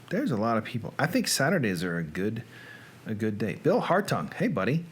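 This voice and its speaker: A man's voice: mid-range voice, sing-song, normal speed, a little hiss or hum. A man hosting a casual livestream from his home editing room, chatting and greeting viewers by name. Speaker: host.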